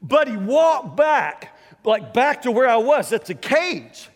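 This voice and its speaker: A man preaching a sermon, telling a folksy story with animated, loud bursts and saying y'all. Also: very high-pitched, takes it slowly. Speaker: pastor. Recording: long hall reverb.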